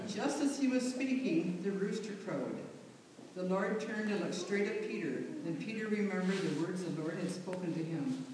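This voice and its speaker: A person reading a scripture passage aloud in a steady, measured way. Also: mid-range voice, noisy background. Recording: echoey hall, far from the mic.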